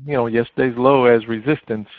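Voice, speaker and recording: A man's voice: mid-range voice, a little fast, dry recording. Guy coaching traders live in a chat room, lots of ums, dry tinny line. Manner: steady, coaching tone with frequent fillers. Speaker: trading chat room moderator. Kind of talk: live market commentary.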